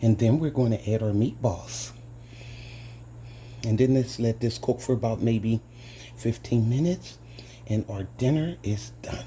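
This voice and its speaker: A man's voice: mid-range voice, normal speed, warm tone, slight background noise. A man hosting a casual cooking demonstration in a home kitchen, chatting to his viewers as "guys" and savoring each taste with little hums. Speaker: home cooking channel host.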